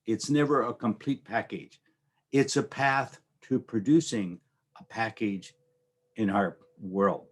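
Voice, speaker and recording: Low-voiced man giving a rambling pep talk. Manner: rambling, conversational, often asks "right?". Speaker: host. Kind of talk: casual motivational talk.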